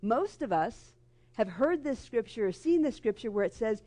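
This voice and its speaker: A middle-aged woman preaches to a congregation through a live microphone, her voice sitting a little high. She talks in a lively, chatty way and slips into the voices of the people in her stories. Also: moderate pace. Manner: lively and conversational, acts out quoted voices. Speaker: guest minister. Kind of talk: sermon with storytelling. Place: church sanctuary before a congregation.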